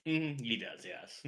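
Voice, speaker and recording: A man's voice: fairly high pitch, a bit bright. A man playing in a tabletop game, describing his character hesitantly and searching for words. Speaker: player.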